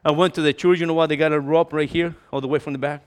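Lively high-voiced preacher in a church hall. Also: male voice, fast talker, clean tone. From Latin America. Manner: animated, jokey, acts out complainers, mixes in Spanish. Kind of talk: sermon.

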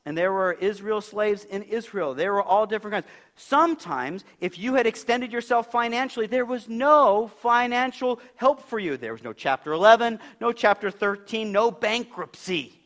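A man's voice: high-pitched, normal speed, hardly any pauses, fairly bright tone. A man preaching a sermon in a church, talking with the congregation and asking them questions. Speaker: pastor.

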